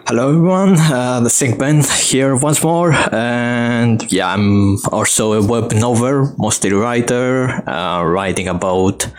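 A man, an author and co-host, introduces himself in a halting way with fillers. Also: medium pitch. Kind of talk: casual self-introduction.

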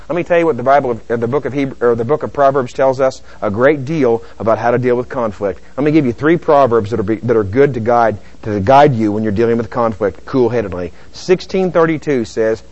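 A middle-aged man preaching with a lively, swooping delivery that climbs high when he plays out arguments. His voice sits a little high for a man. The recording sounds dull and lo-fi. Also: fairly quick. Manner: animated preaching, acting out both sides of dialogues. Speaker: pastor. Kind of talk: sermon.

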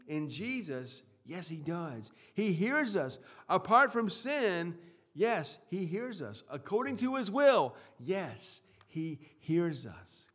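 A man preaching a sermon with emphatic swings in loudness, often repeating words and restarting phrases. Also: fairly high pitch. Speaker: pastor.

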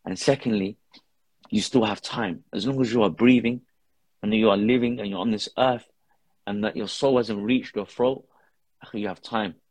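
A man's voice: on the low side, fairly even intonation, normal speed, darkish tone, dry recording. A man telling an earnest personal story in a casual podcast conversation, with Arabic religious phrases woven into his talk. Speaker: guest, father who posts videos with his daughter.

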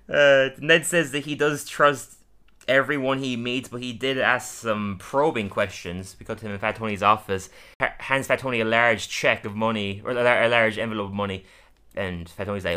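A man casually recapping a cartoon episode on a podcast, laughing often and briefly acting out characters' lines. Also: medium pitch. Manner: animated, laughs often, acts out lines in quick voices. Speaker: podcast co-host.

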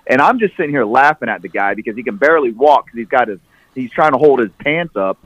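A man's voice: mid-range voice, expressive, fast talker, a bit bright, slightly rough, dry recording, poor audio. A man guest on a podcast telling a long story casually, profane and restarting often.

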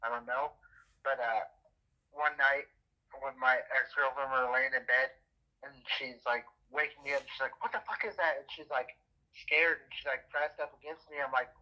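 A man's voice: mid-range voice, flat delivery, moderate pace, highs cut off. A man in casual chat, telling stories in a rambling way, swearing freely and laughing often.

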